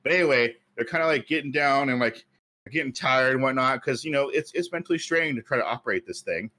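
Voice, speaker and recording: A man's voice: medium pitch, quick pace, sharp tone. A man co-hosting a podcast, telling a story at length in casual chat with many fillers. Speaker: podcast co-host.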